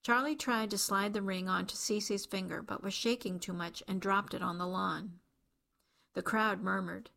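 A woman reading a novel aloud as an audiobook narrator, in even, measured storytelling. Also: medium pitch, gravelly. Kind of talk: scripted narration.

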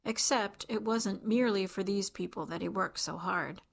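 A woman volunteer reading a novel aloud for a radio reading service, calm and measured, voicing the dialogue. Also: medium pitch, vocal fry. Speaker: volunteer reader.

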